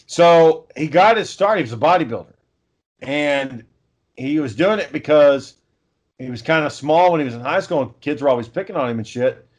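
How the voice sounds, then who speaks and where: A man's voice: a little high, animated, moderate pace. A man in casual podcast chat, telling a long story with plenty of swearing, fillers and restarts. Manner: rambling profane storytelling with many fillers.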